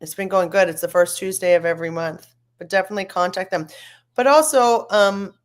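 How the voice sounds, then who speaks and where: A woman's voice: mid-range voice, brisk. A woman co-hosting a casual local radio talk show, upbeat and chatty about music nights. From not from the US. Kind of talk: casual chat.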